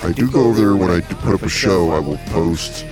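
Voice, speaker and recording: A male podcast host with a lowish voice that swings widely as he jokes. He laughs often and talks in a loose, casual way, with faint music under him. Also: animated, fairly quick. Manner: laughs a lot, joking. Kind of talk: casual chat.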